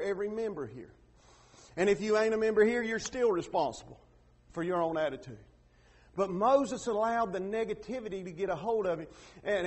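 High-voiced pastor preaching. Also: male voice. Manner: folksy preaching with sudden loud acted quotes. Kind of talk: sermon.

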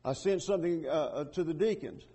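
A man preaching an impassioned sermon, swelling loud and then dropping to a hush. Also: a little high, brisk, breathy edge. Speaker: pastor.

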